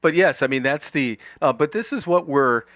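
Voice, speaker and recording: A man's voice: a little high, expressive, normal speed, fairly bright tone, no echo, studio quality. A man co-hosting a podcast in casual chat, telling a story in a rambling way with frequent restarts, mild profanity and bursts of hard laughter. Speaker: podcast co-host.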